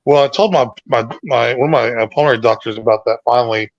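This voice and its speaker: A man's voice: mid-range voice, quick pace, no room sound. Man rambling on a dull, dry mic. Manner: rambling, hesitant storytelling with restarts. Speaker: co-host. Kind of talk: casual livestream chat.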